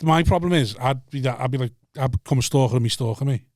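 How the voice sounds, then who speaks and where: A man hosts a podcast, quick-talking and teasing with crude humor. His voice sits in a middle pitch. The mic sound is dry and close. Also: darkish tone, no echo. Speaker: podcast host. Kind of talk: casual banter.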